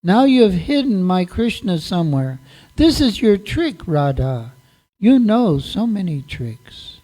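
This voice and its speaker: A man gives voice to a desperate mother whose child has vanished, begging and near tears. She speaks slowly, with a mellow, soft tone, each plea drawn out as she tells this devotional story. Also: high-pitched, sing-song, rough recording. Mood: pleading. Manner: pleading, tearful speech. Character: grieving mother pleading for her lost son.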